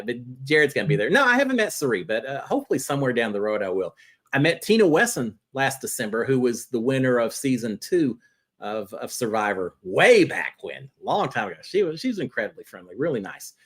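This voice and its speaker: A man hosting a live reality-TV chat show, answering viewer questions in a chatty, animated way. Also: medium pitch. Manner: chatty and animated, jumping between topics.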